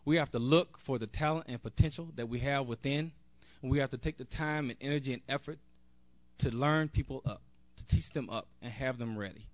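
A man's voice: medium pitch, a little fast, no room sound. Earnest man speaking off the cuff. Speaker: convention speaker, national board member. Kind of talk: speech at a convention. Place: convention hall.

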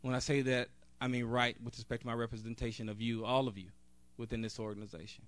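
A man's voice: medium pitch, little pitch movement, fast talker, a bit bright, dry recording. Earnest man speaking off the cuff. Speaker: convention speaker, national board member. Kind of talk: speech at a convention. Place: convention hall.

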